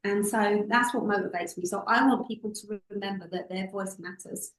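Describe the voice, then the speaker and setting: A woman's voice: medium pitch, normal speed, reverberant, rough recording. A woman, a public speaking coach, telling stories expressively as an interview guest. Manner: expressive, acts out voices in anecdotes.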